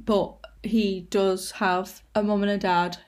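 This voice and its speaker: A woman's voice: mid-range voice, level tone, takes it slowly, darkish tone. A woman co-hosting a podcast, chatting casually with blunt opinions and frequent laughter. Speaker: podcast co-host. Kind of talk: casual chat.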